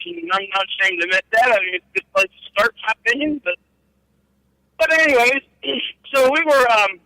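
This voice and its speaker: A man's voice: high-pitched, bright, forceful tone, no room sound, poor audio. A middle-aged man telling rambling, profane stories about his trucking days and laughing at his own tales. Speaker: guest storyteller. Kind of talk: casual storytelling.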